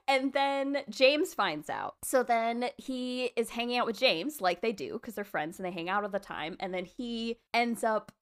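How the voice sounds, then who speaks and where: A woman's voice: a little high, measured pace, hardly any pauses, clean tone. A woman in casual chat, retelling a fan fiction plot with lots of laughter and acted-out quotes. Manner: animated, laughing, acts out quoted characters.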